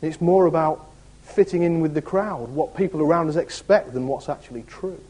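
A man's voice: fairly high pitch, moderate pace, darkish tone, poor audio. A man, an assistant pastor preaching conversationally with rhetorical questions. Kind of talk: sermon.

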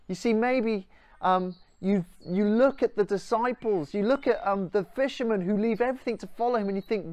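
A preacher giving a sermon in a conversational, animated storytelling manner with casual asides. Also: medium pitch, normal speed, no room sound.

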